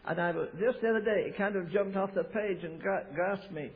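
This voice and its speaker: A high-pitched man from America delivers a sermon, spinning anecdotes with emphatic, halting restarts. His voice comes through a thin, phone-like recording that strips away the lows and highs. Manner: storytelling, emphatic, with frequent restarts. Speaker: preacher. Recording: tinny, phone-like low-fidelity recording.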